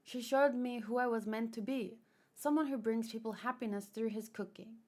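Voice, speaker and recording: A woman's voice: on the high side, steady tone, normal speed, a little mellow, natural voice. A woman voicing a heartbroken young male cook who speaks bitterly, in a manga read-aloud.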